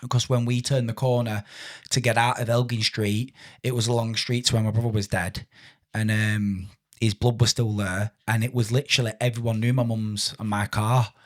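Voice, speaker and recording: A man's voice: lowish voice, little pitch movement, normal speed. A man hosting a podcast, talking in a chatty, rambling way and stumbling over his words. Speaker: podcast host. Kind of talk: casual podcast conversation.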